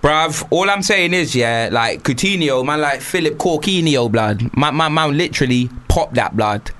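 A man's voice: fairly high pitch, lively intonation, normal speed, a bit bright, slight background noise. A young man leading a slang-heavy, jokey football rundown. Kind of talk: casual football banter.

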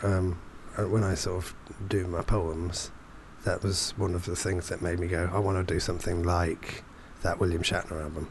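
A man's voice: low voice, level tone, normal speed, few pauses, a little hiss or hum. A man chatting casually as a podcast co-host, telling rambling anecdotes full of fillers and restarts. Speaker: performance poet. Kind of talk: casual chat.

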